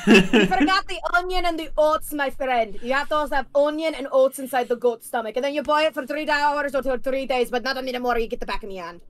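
A woman voicing a gruff older Scottish cook in a put-on Scottish accent, scolding and mock-threatening. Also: sits high, fast talker, natural voice. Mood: mock-stern.

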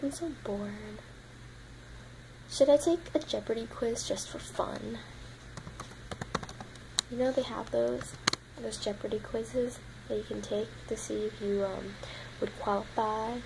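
Rambling young woman with vocal fry. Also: a little high, slow pace, pauses often, noisy background. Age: young adult. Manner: rambling, swears constantly. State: tired. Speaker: vlogger. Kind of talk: casual chat to camera.

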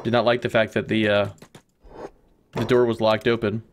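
A man's voice: on the low side, flat delivery, moderate pace, a little hiss or hum. A man hosting a let's play, giving casual gameplay commentary, chatty and rambling as he thinks aloud.

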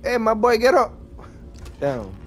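A man's voice: very high-pitched, huge pitch swings, a little slow, a bit bright, a little hiss or hum. A man giving casual gameplay commentary, apologetic and rambling, with a lot of slang and self-mockery. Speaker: gaming video creator.

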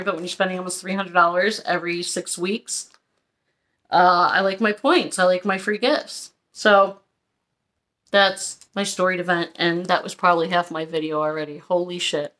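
Chatty woman haul vlogger, bright and forward voice, frank and rambling. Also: mid-range voice. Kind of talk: casual haul review.

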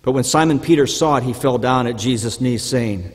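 A man reads a scripture passage aloud during a church service, with a measured and formal delivery at a mid-range pitch. His voice rings with the long reverb of the sanctuary. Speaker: scripture reader. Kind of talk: liturgical scripture reading.

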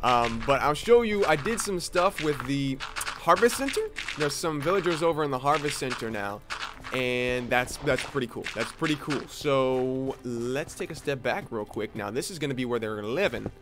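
A young man giving playful, excitable commentary while playing a survival game, chatting with his viewers. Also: medium pitch, moderate pace, noisy background. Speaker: Minecraft let's play host. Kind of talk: casual gameplay commentary.

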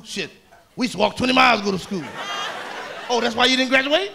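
Male stand-up comic, high and bright, profane and rowdy, live club crowd faintly behind. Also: big pitch swings, fast talker, creaky. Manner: rowdy, profane storytelling with mocking voices. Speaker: stand-up comedian. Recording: live club recording with audience. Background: audience laughter and room noise.

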